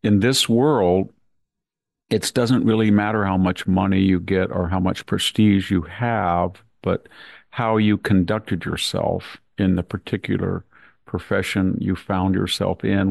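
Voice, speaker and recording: Low gravelly man, dry close sound. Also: fairly even intonation, unhurried, dry recording. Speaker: podcast host, historian. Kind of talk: conversational commentary.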